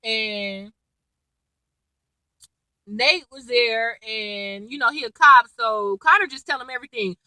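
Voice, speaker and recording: A woman's voice: a little high, measured pace, pauses often, dry recording, rough recording. A woman, chatting casually as she recaps a TV episode, acting out lines as she goes. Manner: chatty, animated retelling with quoted lines and laughs. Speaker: TV recap vlogger.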